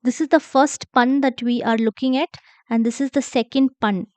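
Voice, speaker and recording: A woman teaching a literature lesson, explaining slowly, repeating key words and checking that students follow along. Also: high-pitched, steady tone, a little mellow, dry recording. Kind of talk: classroom explanation for exam revision.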